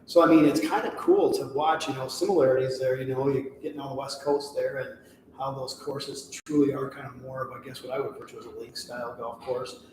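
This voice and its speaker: A man's voice: mid-range voice, fairly even intonation, a little fast, darkish tone, far from the mic. A man co-hosting a golf talk show, speaking in an easygoing, conversational way. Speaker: golf pro co-host. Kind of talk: casual chat. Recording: echoey room with background noise.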